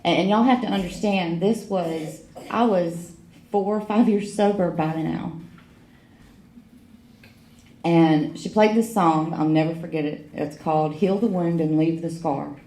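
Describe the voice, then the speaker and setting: A woman's voice: lowish voice, a little slow, warm tone. A middle-aged woman sharing her recovery story at a meeting, frank and wry, with emotional emphasis. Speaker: AA speaker. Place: meeting hall. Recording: echoey meeting room.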